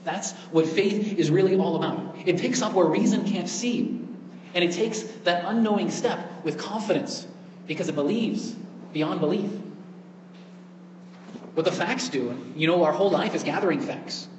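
A man's voice: high voice, normal speed, darkish tone, roomy sound, in a large hall, slight background noise, low-quality recording. A man preaching a sermon as a priest, in an earnest storytelling way.

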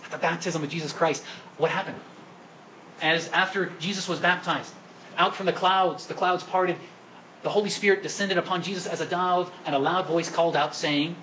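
A man's voice: fairly high pitch, steady tone, normal speed, pushed and bright, a little hiss or hum, rough recording. A man preaching a sermon at Mass as the priest, asking the congregation questions and coaxing them to answer. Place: church during Mass.

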